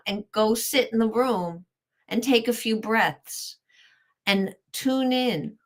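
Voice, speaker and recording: A woman's voice: a little high, measured pace. A woman, a parenting author, giving advice as a guest in an interview and acting out what a parent would say. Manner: animated, acts out what a parent says.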